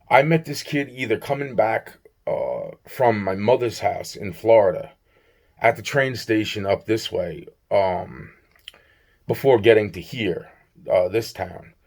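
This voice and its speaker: His voice is lowish, creaky, and a little mellow. In a rambling vlog storytime, he recounts a strange encounter with plenty of profanity, acting out both speakers and repeating himself many times.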